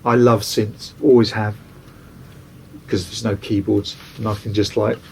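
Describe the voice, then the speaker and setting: A man's voice: on the low side, little pitch movement, a little slow, gravelly, darkish tone, slight background noise. A man, a record producer, casually telling anecdotes in an interview and acting out other people's voices.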